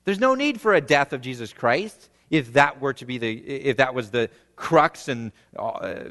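A man in his thirties preaching a sermon, swelling to emphatic peaks and dropping to hushed, quiet phrase endings. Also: fairly high pitch, big-room sound. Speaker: pastor.

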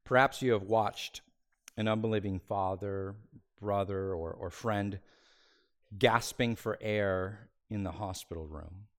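A man preaching a sermon as pastor, swinging between loud, raised passages and hushed, near-whispered phrases, and slowing down to stress key words. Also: lowish voice, fairly even intonation. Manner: slows down on key words for emphasis.

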